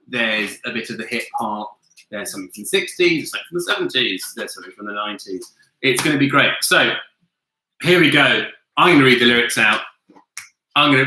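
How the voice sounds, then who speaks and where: A man hosting a virtual pub quiz from home, talking in a loose, sweary, chatty way. His voice is very bright and sharp-edged. It carries a roomy echo from the room around him. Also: medium pitch. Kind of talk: casual online quiz hosting. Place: home, with a flatmate nearby.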